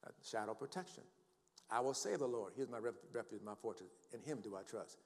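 A man's voice: fairly low pitch, lively intonation, quick pace. An older man preaching a sermon in a church, quoting scripture emphatically and calling for responses from the congregation. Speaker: pastor. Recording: long hall reverb.

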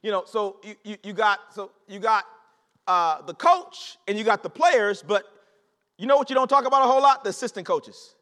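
A male preacher with a very high, bright, forceful voice delivers a lively sermon, talking straight to the congregation and hammering his points through repetition. His voice rings out with a long reverb off the walls of a big church sanctuary. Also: moderate pace. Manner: animated, conversational preaching with repetition and call-outs to the congregation. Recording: long reverb of a large hall.

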